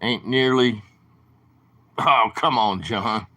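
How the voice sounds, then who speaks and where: A man's voice: on the low side, slow, bright, forceful tone. A man with a southern drawl, rambling casually to viewers on his late-night livestream. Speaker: livestream host.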